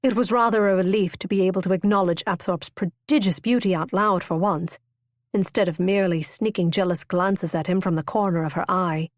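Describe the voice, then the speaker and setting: A woman narrating a romance audiobook in a measured, expressive reading. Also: on the low side, dry recording, studio quality. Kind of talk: scripted narration.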